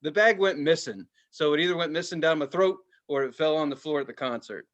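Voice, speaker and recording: Animated storytelling middle-aged man, bright voice. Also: on the high side, a little fast, dull audio. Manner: animated storyteller, acts out quotes loudly. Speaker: podcast co-host. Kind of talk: casual chat.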